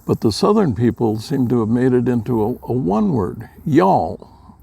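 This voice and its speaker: An older man from Minnesota, telling folksy personal stories in a plain-spoken, unhurried way, with a gravelly voice. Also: medium pitch, sing-song, mellow. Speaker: storyteller. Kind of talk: casual personal storytelling.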